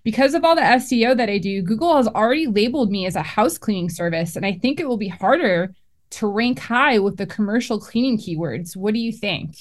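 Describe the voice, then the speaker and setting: A woman's voice: mid-range voice, animated, fairly quick. Upbeat woman co-hosting a podcast. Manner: upbeat, giggly, reads questions aloud. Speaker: podcast co-host reading listener questions. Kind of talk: casual podcast chat.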